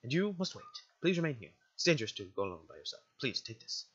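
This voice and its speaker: Man voicing a tender goat mother figure from a video game, soft and formal, bright lively voice, dull lo-fi recording. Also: medium pitch, fast talker. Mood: gentle. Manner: soft, formal, doting speech. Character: gentle motherly female goat monster caretaker. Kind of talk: reading game dialogue aloud.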